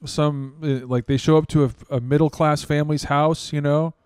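A man hosting a podcast, telling stories in a rambling, excitable and profane way. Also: on the high side, normal speed, clear, resonant tone, no room sound, studio quality. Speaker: podcast host. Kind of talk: casual chat.

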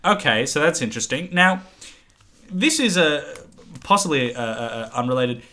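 Lively, bright-voiced man playing a game. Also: medium pitch. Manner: playful, quick reactions. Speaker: player. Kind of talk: casual tabletop game chat.

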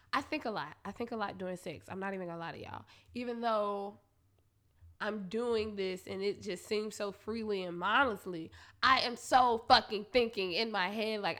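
A woman's voice: a little high, sharp tone. A slightly tipsy woman telling blunt, profane stories at home, laughing often. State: a little tipsy. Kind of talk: casual confessional storytelling. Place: alone at home.

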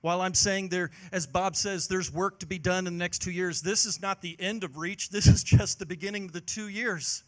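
A male pastor, preaching a passionate sermon that swings from loud exhortation to hushed, earnest moments. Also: high voice, steady tone, moderate pace, hardly any pauses.

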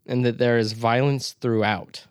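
A man's voice: mid-range voice, steady tone, a little slow, clear, resonant tone, no echo, clean studio sound. A man co-hosting a podcast in casual chat, laid-back, swearing casually and laughing easily. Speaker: podcast co-host.

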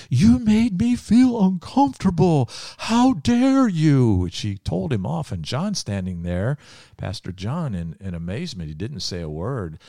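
A pastor from Ohio with a low, deep voice speaks in an earnest, emphatic preaching manner, often pausing on filler words. The recording is dry and close, with no room sound. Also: male voice, mellow, no room sound. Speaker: pastor and podcast host. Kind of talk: preaching storytelling.

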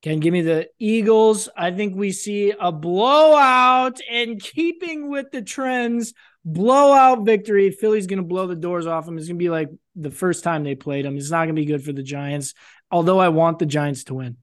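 Brief: male co-host, casual sports banter, animated, argues his picks. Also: high-pitched, normal speed, no echo, clean studio sound. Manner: animated, breaks into impressions. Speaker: podcast co-host making picks.

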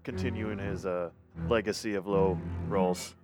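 A man's voice: low voice, steady tone, a little slow. A man playing in a tabletop game, joking playfully with the table. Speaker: player. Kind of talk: casual tabletop game chat. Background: background music.

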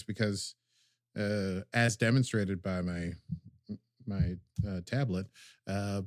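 A man's voice: fairly low pitch, fairly even intonation, takes it slowly, mellow, dry recording, studio quality. A man co-hosting a casual review chat, reading out quotes with over-dramatic flair. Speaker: podcast co-host.

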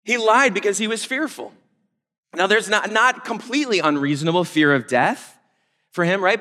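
A man in his thirties preaching a sermon in a casual, conversational way, with lively asides. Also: sits high, long reverb tail. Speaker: pastor.

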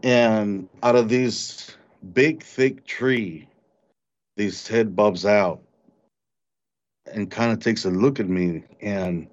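Low-voiced guy telling a scary story, stumbles and repeats himself, muffled lo-fi sound. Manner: halting, repeats words when shaken, mimics animal sounds. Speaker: interview guest recounting an encounter. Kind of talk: storytelling in an interview. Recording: dull lo-fi recording.

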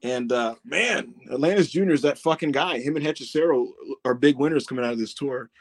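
A man hosting a podcast, telling stories in casual chat, animated, swearing and laughing often. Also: medium pitch, brisk. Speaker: podcast host.

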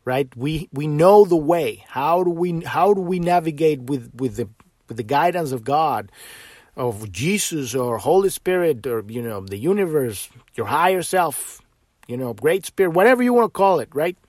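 Fervent male podcast host, dry close sound, higher-pitched, swings from loud bursts to soft trailing asides, swears freely. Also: no echo. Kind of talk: impassioned spiritual monologue.

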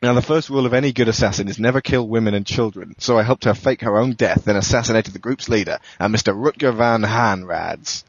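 A man narrates a first-person thriller in a steady, matter-of-fact voice that sits on the low side. The recording is dull and dry, with a lo-fi quality. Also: quick pace, few pauses, no room sound. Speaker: podcast host reading a story.

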